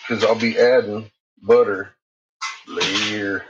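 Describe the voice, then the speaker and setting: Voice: medium pitch, steady tone, slow pace, noisy background. A home cook vlogging casually in a kitchen, laughing often, swearing freely and cooing at the pets while cooking. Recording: dull lo-fi audio with loud dogs and clicks.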